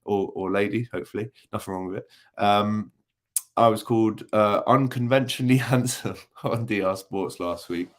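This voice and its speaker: A young man hosts a relaxed post-match livestream, reading viewer comments aloud. He talks in a loose, teasing way, full of ums and asides. His voice sits a little low. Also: moderate pace. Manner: chatty and jokey, many ums, teasing banter. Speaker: football channel host reading live chat.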